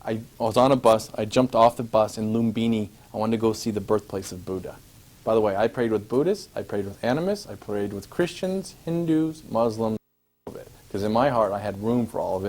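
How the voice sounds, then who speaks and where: A man telling a personal travel story to an audience, animated and acting out scenes, laughing at his own tale. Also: fairly low pitch, fairly quick.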